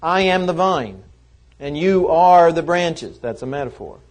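A man's voice: on the high side, animated, a little slow. A man teaching a Bible lesson in a conversational way, often asking rhetorical questions.

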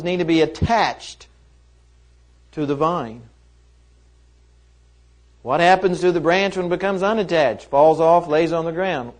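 A man's voice: sits high, a little mellow. Man teaching a conversational Bible lesson. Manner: conversational, asks rhetorical questions.

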